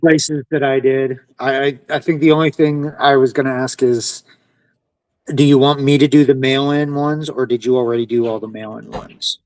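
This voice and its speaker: A man's voice: mid-range voice, little pitch movement, moderate pace, a little mellow, dry recording, poor audio. A man co-hosting a casual comic podcast, hesitant, often giving short agreeing replies. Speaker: podcast co-host. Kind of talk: casual chat.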